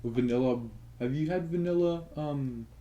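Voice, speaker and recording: A man's voice: on the high side, moderate pace, warm tone, muffled recording. A young man co-hosting a casual podcast, rambling with lots of fillers. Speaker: podcast co-host. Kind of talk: casual chat.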